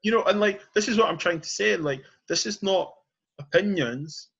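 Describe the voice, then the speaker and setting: A man's voice: sits high, moderate pace, creaky, a bit bright, slightly rough, dull audio. A man hosting a podcast, arguing his point with passion and leaning on "you know" and "period". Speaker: podcast host. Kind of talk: passionate casual debate.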